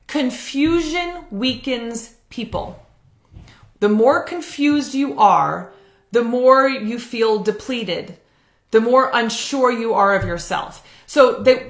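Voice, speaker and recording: A woman's voice: on the high side, fairly bright tone. A woman counselor giving a candid, earnest live talk and drawing on her own experiences. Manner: candid, earnest, uses personal examples. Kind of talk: live video talk on relationships. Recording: roomy echo.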